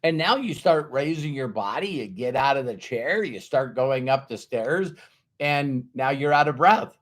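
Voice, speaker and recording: A man's voice: medium pitch, lively intonation, unhurried. A man giving a conversational motivational talk who acts out the voices of doubters. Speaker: motivational speaker.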